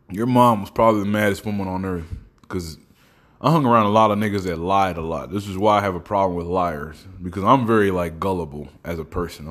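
Low-voiced man rambling through a profane comic monologue. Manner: profane, rambling storytelling with laughs. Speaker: podcast host. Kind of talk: casual comedic monologue.

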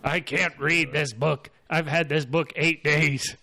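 A man's voice: on the high side, fairly even intonation, slow, bright, forceful tone, full character voice. Guy doing a cranky old vampire-hunter professor, forgetful, all worked up. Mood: flustered. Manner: exasperated, mock-dramatic. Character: old male vampire-hunting scholar, flustered and forgetful.

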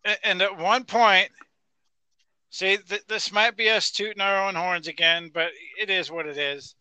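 A man with a high, sharply bright voice chats casually as a podcast co-host. He talks in an easy, conversational way. The recording is dry, with no room sound. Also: fairly even intonation, a little slow, clear, resonant tone, no echo. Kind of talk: casual chat.

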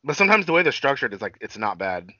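A man recapping a TV episode in relaxed podcast banter. His voice is very bright and swings widely in pitch as he swears and acts out scenes in quoted voices. The recording is dry and a little dull. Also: fast, dry recording. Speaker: podcast co-host. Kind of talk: casual chat recapping a TV episode.

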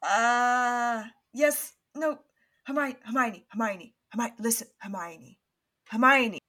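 Out of breath wizard prof guy, frantic and pushy, woman doing it, a bit high. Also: takes it slowly, bright, forceful tone, heavily acted. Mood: urgent. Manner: urgent, pleading. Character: frazzled sweaty male wizard professor.

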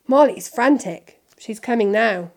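Excitable balding dad wizard, read by a woman, eager, curious, storybook. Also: fairly high pitch, measured pace, gravelly. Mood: earnest.

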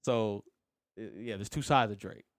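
A man's voice: fairly low pitch, normal speed, no room sound, clean studio sound. A young man co-hosting a podcast, chatting in a laid-back, rambling way and laughing easily. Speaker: podcast co-host. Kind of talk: casual chat.

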